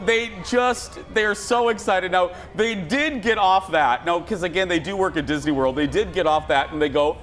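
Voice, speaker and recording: A man's voice: high voice, normal speed, few pauses, a bit bright, soft background music. A male talk show host in his forties, from Minnesota, chatting casually and laughing often. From Minnesota, USA. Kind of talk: casual chat.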